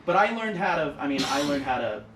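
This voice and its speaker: A man's voice: fairly high pitch, fairly quick, over a noisy crowd. A man with a Long Island accent, a stage actor telling stories in a casual podcast chat, laughing as he goes. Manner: animated storyteller, laughs while telling stories. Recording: echoey room, voice from a distance.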